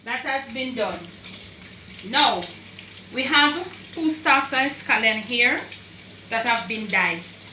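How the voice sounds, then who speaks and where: A Jamaican woman with a slightly high, animated voice speaks slowly with long pauses against a noisy background. She's a home cook giving a casual, chatty cooking demo, repeating phrases and mixing in Jamaican creole. The echoey kitchen recording catches her far from the mic, with a pan frying and sizzling.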